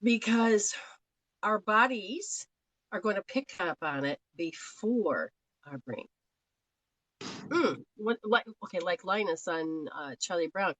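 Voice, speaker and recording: A woman's voice: mid-range voice, lively intonation, takes it slowly, fairly bright tone, no echo, rough recording. A woman from Australia giving live spiritual readings in a chatty, rambling way, laughing often. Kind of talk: live-stream talk.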